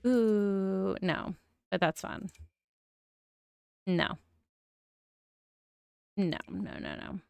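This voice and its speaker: A woman's voice: lowish voice, vocal fry, smooth, dry recording, studio quality. Chatty woman streamer with a mild lisp. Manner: chatty, musing aloud with frequent oohs. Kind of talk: casual game-building commentary.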